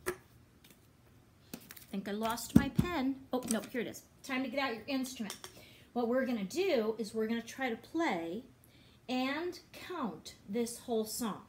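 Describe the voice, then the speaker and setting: A woman's voice: a little high, lively intonation, unhurried, pauses often, a little mellow, a little hiss or hum. A woman teaching a music lesson to young children online, encouraging and patient, often chanting and singing syllables.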